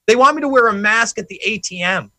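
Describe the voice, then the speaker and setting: High bright exasperated man. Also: animated, quick pace, dry recording. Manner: blunt, swearing, exasperated. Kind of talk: casual chat.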